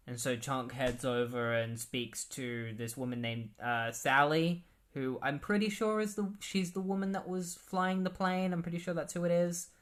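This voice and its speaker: A man's voice: a little high, fairly even intonation, normal speed, a bit bright. Rambling man recapping comics. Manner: rambling, filler-heavy. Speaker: comic book reviewer. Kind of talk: casual recap commentary.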